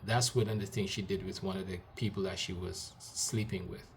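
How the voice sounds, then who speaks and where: A man's voice: deep voice, steady tone, fairly quick, creaky, slight background noise. A middle-aged man telling a personal story in a hurt, aggrieved way, repeating himself and quoting his partner. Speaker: vlogger recounting a breakup.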